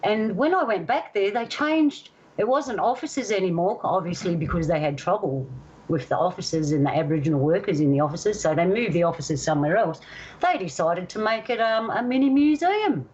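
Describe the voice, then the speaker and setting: Woman from Australia, casual storyteller with an animated delivery, mid pitch, dull lo-fi audio. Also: a little fast, a little hiss or hum. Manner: animated, acts out voices in stories. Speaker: guest storyteller.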